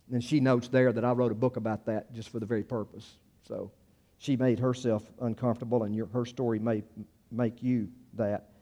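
A man's voice: medium pitch, level tone, normal speed, mellow. A middle-aged American man preaching a sermon in a conversational way, with asides and self-deprecating jokes, rising to emphatic peaks on key phrases. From United States. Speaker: pastor.

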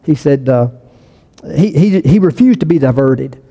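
A man's voice: a little high, lively intonation, a little slow, warm tone, in a large hall. A man preaching a sermon as pastor, in a conversational way, restarting and repeating phrases for emphasis.

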